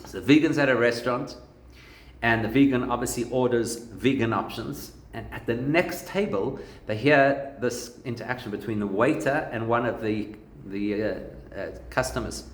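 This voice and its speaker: A rabbi gives a relaxed, conversational Torah lesson and works humorous stories into it. His voice sits at an ordinary pitch for a man. The recording has a noticeably roomy echo. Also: normal speed. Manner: conversational teaching with humorous anecdotes.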